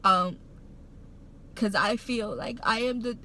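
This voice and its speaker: A woman's voice: a little high, takes it slowly, pushed and bright, a little hiss or hum, poor audio. A woman vlogger telling a heartfelt personal story, rambling with many fillers and restarts, emotional and choked up at times. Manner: emotional, getting choked up while recounting.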